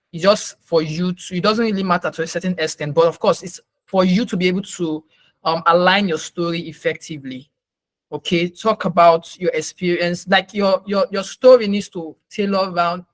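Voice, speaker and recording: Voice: medium pitch, a bit bright, dry recording. Session moderator, mid-range voice, dry sound, loose casual advice, video call. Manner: loose, with frequent fillers and restarts, checking in with "okay". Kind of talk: casual advisory talk.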